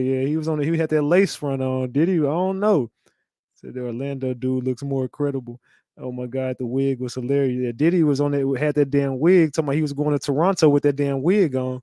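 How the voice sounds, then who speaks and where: A man giving a casual commentary rant, animated and mocking, often breaking into laughter. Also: mid-range voice, fairly quick, no room sound, clean studio sound. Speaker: commentary channel host.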